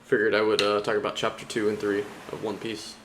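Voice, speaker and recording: A man's voice: on the low side, level tone, fast, noisy background. A young man chatting casually about a comic, rambling with lots of fillers and frequent laughter. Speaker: anime vlogger. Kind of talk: casual chat.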